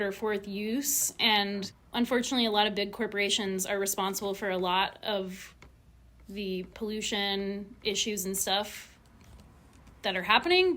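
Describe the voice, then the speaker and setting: A woman hosting a podcast in casual, quick conversation, peppered with "like". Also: mid-range voice, a bit bright. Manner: chatty and quick, with lots of "like". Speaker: podcast host.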